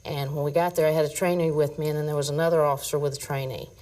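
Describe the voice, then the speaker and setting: A woman police officer telling a work story in a brisk, plain manner. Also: sits low, level tone, a little mellow, far from the mic, rough recording. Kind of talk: interview anecdote.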